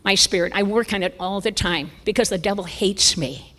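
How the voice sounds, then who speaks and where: A woman's voice: medium pitch, a little fast. Older woman in her 70s, conference speaker, self-mocking humor, reverberant church sanctuary. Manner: lively, self-mocking, chuckling storyteller. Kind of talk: humorous storytelling talk.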